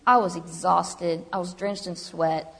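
A woman's voice: on the low side, fairly even intonation, unhurried, gravelly, fairly bright tone. A woman telling her personal story to an audience in a chatty, humorous way. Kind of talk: personal testimony to a live audience. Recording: long hall reverb.

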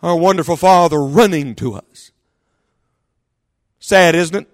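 A man preaching a sermon in church, impassioned, swinging from quick asides to loud, drawn-out calls. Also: fairly high pitch, no room sound, clean studio sound. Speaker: pastor. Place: church service.

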